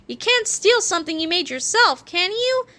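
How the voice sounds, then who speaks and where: A woman voicing an excitable young schoolboy who takes charge and shouts with glee, in a storybook read-aloud. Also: extremely high pitch, normal speed, voice pushed up, heavily acted. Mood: eager.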